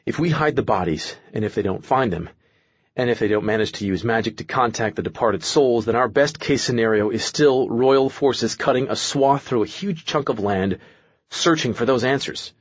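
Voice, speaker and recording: A man's voice: medium pitch, normal speed, breathy edge, dry recording, lo-fi sound. Man voicing an anxious young leader. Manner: nervous, rambling.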